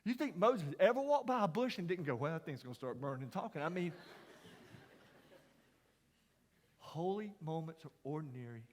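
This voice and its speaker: A middle-aged man telling a personal story as a sermon, folksy and dramatic, dropping to hushed asides and rising to loud emphasis. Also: fairly high pitch, very animated, a little slow, long pauses. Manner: folksy, dramatic storyteller, drops to whispers and rises to near shouts. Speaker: chapel speaker. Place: large university chapel. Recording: long hall reverb.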